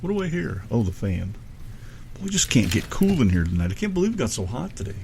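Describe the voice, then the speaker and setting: A man's voice: medium pitch, big pitch swings, fast talker, gravelly, dark tone, a little hiss or hum. A man co-hosting a casual radio show with his wife, joking around, teasing and breaking into bits of song. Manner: joking, playful, sings bits.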